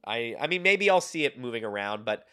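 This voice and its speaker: A man co-hosting a casual gaming podcast, hesitant with fillers and animated in his reactions. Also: mid-range voice, brisk, clear, resonant tone. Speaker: podcast co-host.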